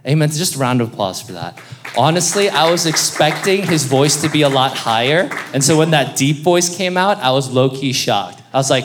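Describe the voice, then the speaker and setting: Lively, joking male preacher. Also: a little high, normal speed, background noise. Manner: lively, conversational preaching with jokes and audience interaction. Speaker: pastor. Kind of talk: sermon.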